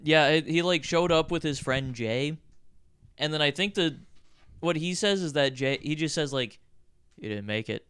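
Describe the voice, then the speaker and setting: Bright, clear-voiced young man. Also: on the high side, moderate pace, no echo. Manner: rambling, laughing, swearing often. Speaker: podcast co-host. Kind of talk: casual gaming podcast chat.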